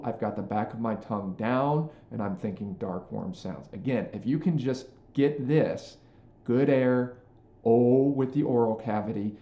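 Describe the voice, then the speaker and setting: Male music teacher, earnest, mellow tone, echoey room. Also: medium pitch, muffled recording. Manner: earnest, frequent "okay?" and "right?" check-ins. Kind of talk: instructional talk to band directors. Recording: roomy echo.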